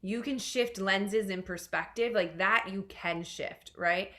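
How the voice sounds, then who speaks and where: A woman's voice: mid-range voice, unhurried, bright, forceful tone. A woman leadership coach answering a question in a Q&A, chatty and full of "right?" and "like". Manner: chatty, many fillers like "right?" and "like".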